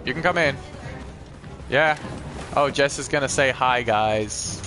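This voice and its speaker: A casual man commentating his own gameplay live, chatting easily with viewers and reading their comments aloud. His voice sits at an ordinary middle pitch. Game music plays clearly underneath the whole time. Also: fairly even intonation, moderate pace. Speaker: live streamer host.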